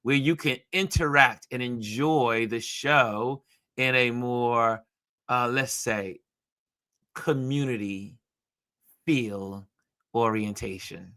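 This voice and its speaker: A man's voice: mid-range voice, takes it slowly, long pauses, sharp tone, no room sound, studio quality. A man hosting a live online show, chatting casually and reading out viewer comments, often repeating phrases for emphasis. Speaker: livestream show host.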